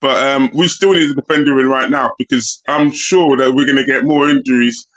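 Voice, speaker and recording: A man's voice: medium pitch, steady tone, a little fast, a bit bright, muffled recording. A man on a podcast panel, speaking bluntly and posing pointed questions. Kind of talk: casual podcast chat.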